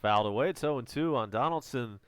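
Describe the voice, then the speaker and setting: A man with a Southern American accent calling live baseball play-by-play as a fan, chatty between pitches and loud on home runs, his voice strained and close to giving out. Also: quick pace, clear, resonant tone, no echo. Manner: casual, chatty calls with excited home run shouts.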